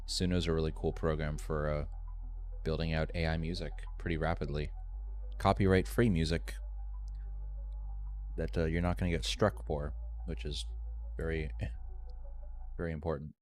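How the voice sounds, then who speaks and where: A man teaching a live screen-share tutorial, thinking aloud in a relaxed way with ums and restarts. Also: a bass voice, moderate pace, pauses often. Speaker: streamer teaching AI animation. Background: faint music.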